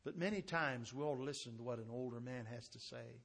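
A middle-aged man preaching a sermon, telling stories and swinging between hushed asides and raised, emphatic preaching. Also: mid-range voice, normal speed, creaky.

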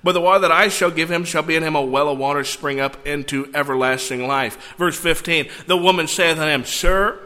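A man preaching a sermon, reading scripture and breaking into animated, conversational asides. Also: on the high side, brisk, few pauses. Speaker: pastor. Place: church sanctuary. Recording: long church hall reverb.

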